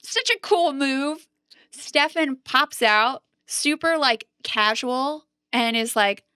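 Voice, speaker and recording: A woman co-hosting a podcast, recapping scenes in casual, animated chat with frequent "like". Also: high-pitched, takes it slowly, no room sound, studio quality. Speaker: podcast co-host.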